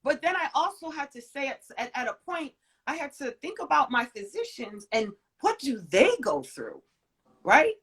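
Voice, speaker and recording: Animated woman telling a personal story. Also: high voice, moderate pace. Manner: animated, emphatic storyteller with sudden loud and soft swings. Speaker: guest.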